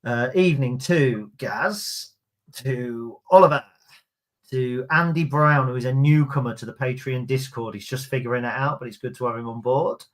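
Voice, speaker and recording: A man hosts a relaxed fan podcast. He talks in a chatty, easygoing way and reads listener comments aloud between stories. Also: medium pitch, moderate pace. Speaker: podcast host. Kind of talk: casual fan podcast chat.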